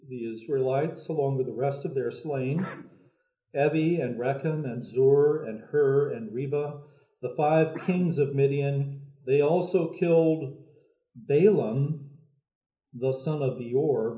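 A man preaching a sermon, telling a story in a measured, thoughtful way with many pauses. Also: medium pitch. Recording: echoey, phone-like lo-fi sound.

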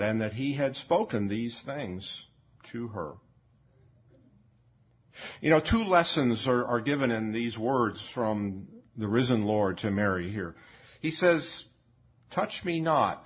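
A man preaching a sermon in a slow, reflective way, often repeating words and pausing with fillers. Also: mid-range voice, breathy edge. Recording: dull lo-fi recording.

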